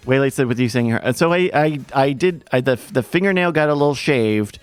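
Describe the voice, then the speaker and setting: A man's voice: mid-range voice, expressive, moderate pace, faint music behind. A man hosting a livestream, calling marble races and drifting into rambling, self-mocking stories full of restarts. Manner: playful, self-mocking storyteller. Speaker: marble race commentator and stream host. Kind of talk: casual livestream race commentary with rambling asides. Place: home streaming setup with a ring light.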